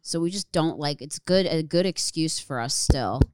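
A woman's voice: deep voice, lively intonation, normal speed, noisy background. A young adult woman co-hosting a podcast, chatting casually, swearing freely and acting out what people said. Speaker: podcast co-host. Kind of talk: casual chat.

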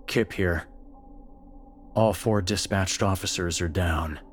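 A man's voice: sits low, takes it slowly, a little hiss or hum. A man doing a tense young security guard on the radio. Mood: flat. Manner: urgent, strained radio calls.

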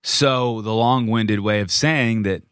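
A man co-hosting a podcast from home, telling a story in a lively, casual way, acting out quotes and swearing freely. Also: lowish voice, slow pace, clean tone, no echo, clean studio sound. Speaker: podcast co-host. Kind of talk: casual chat.

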